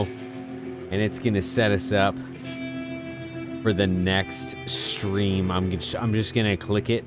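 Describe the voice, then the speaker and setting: A man streaming a video game, rambling to himself with casual commentary and frequent chuckles. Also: on the low side. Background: music.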